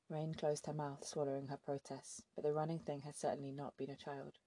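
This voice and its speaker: Gravelly, dark-voiced woman narrating. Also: low voice, little pitch movement, a little fast, few pauses. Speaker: audiobook narrator. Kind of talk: scripted narration.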